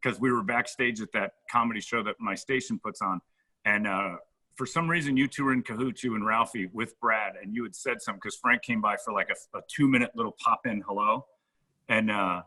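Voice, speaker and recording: Bright, husky-voiced man telling stories. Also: fairly low pitch, brisk. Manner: animated anecdote-telling, acts out quoted lines. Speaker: radio host and podcast co-host. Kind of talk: casual comedic storytelling.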